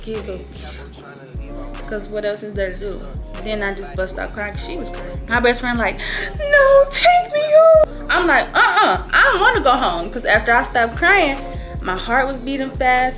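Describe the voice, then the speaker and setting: A young woman in her early twenties tells a story to camera with a high voice that swoops all over. Her talk is loose, slangy and profane. Music plays clearly under her. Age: early 20s. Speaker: vlogger. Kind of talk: casual storytelling.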